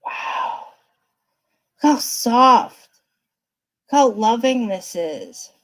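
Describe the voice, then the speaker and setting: A woman's voice: on the high side, expressive, extremely slow, fairly bright tone, rough recording. A woman giving a casual live tarot reading from her desk, chatty and reassuring, often checking in with the listener. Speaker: tarot card reader. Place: seated at a desk.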